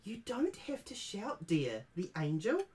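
A man doing a high, fussy old grandmother. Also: huge pitch swings, far from the mic, heavily acted. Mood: fondly chiding. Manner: gently chiding, drawn-out. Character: fussy elderly grandmother baking at home.

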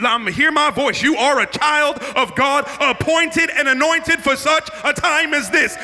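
Male preacher with a high, sharp, piercing voice; chants and shouts his sermon in a reverberant church. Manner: shouting, sing-song preaching cadence. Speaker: pastor. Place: church hall. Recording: long church-hall reverb.

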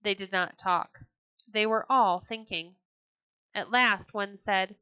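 A woman storyteller giving scripted storybook narration in a clear, steady reading voice. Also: medium pitch, slow pace, no echo, poor audio.

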